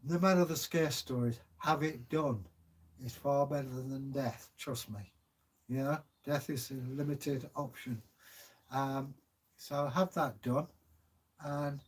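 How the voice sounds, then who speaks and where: An older man from Kent with a southern English accent, chatting casually on a livestream as channel host, rambling with many hesitations. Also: medium pitch. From Kent, England.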